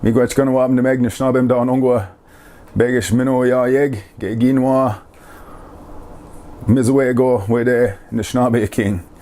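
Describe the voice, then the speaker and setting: A man hosting a casual language lesson, repeating each word slowly to show how it is pronounced. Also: medium pitch, steady tone, warm tone. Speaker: language teacher.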